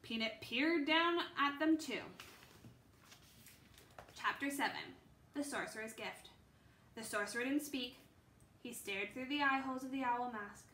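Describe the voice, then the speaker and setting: A woman's voice: high-pitched, measured pace, long pauses, bright, forceful tone. A woman reading a children's book aloud, unrehearsed, with small stumbles and restarts. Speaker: reader. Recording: echoey room, faint background noise.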